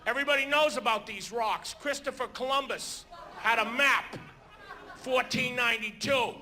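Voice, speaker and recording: A male stand-up comedian telling animated stories on a theater stage, breaking into sudden shouts. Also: very high-pitched, moderate pace, a little hiss or hum. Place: theater stage before a live audience.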